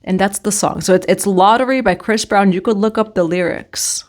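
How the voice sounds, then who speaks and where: A woman's voice: medium pitch, normal speed. A woman reads tarot for her audience in a loose, conversational way. She is encouraging and reassuring, and she drifts now and then into singing a short line from a song. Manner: chatty, affirming, sings snatches of songs. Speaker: tarot reader. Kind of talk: casual spiritual tarot reading.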